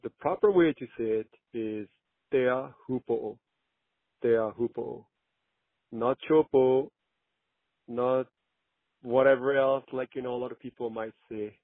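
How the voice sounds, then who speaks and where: A man from Tahiti, a caller leaving a phone message who speaks slowly and deliberately and repeats a word carefully. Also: mid-range voice, no echo. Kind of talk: phone voicemail. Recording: tinny phone line.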